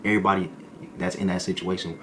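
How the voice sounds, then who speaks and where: A man's voice: low voice, level tone, fast talker, sharp tone, slight background noise. A man telling a story in a casual, slangy way, now and then acting out other people's voices.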